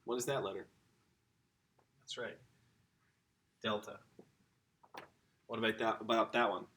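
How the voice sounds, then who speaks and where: A man's voice: fairly low pitch, fairly even intonation, a little slow, pushed and bright. A man teaching a casual lesson, talking straight to the kids and their parents with eager enthusiasm. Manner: enthusiastic, chatty, addresses the kids directly. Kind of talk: informal home-school lesson.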